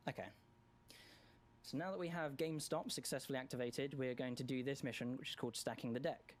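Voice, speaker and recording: A man's voice: mid-range voice, steady tone. A man giving live speedrun commentary in a chatty way, often correcting himself and joking. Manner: chatty, self-correcting, quick jokes and laughs.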